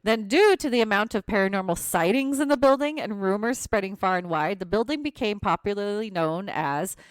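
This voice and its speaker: Woman on a podcast reading spooky history, pitch swings up and down a lot, laughs a bunch, dry close mic. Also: brisk, clean tone, no echo. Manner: animated storyteller, laughs often, asides. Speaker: podcast co-host telling ghost stories. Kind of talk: casual chat, reading history notes.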